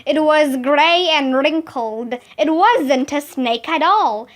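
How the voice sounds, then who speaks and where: A woman reading a children's book aloud as narrator, slow, careful and expressive. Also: high voice.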